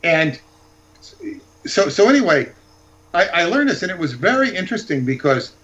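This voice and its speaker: A man's voice: high voice, big pitch swings, moderate pace, a bit bright, highs cut off. A man talking as a guest author, telling rambling, digressive anecdotes in casual chat.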